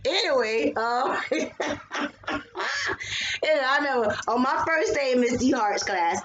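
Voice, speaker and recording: A woman's voice: a little high, lively intonation, moderate pace, highs cut off. A woman, chatting to camera in a casual, rambling vlog. She swears freely, wanders off topic and sounds a little tired. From England. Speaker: vlogger.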